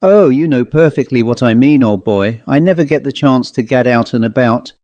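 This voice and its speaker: A man voicing a jovial, blustering upper-class gentleman in his sixties in a ghost story reading. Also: medium pitch, moderate pace, no echo, dull audio, lightly acted. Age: 60s.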